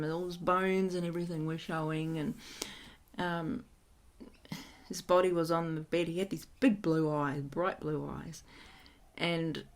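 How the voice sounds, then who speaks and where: A woman who works as an energy healer, telling a personal story in a casual, frank way and laughing often. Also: lowish voice.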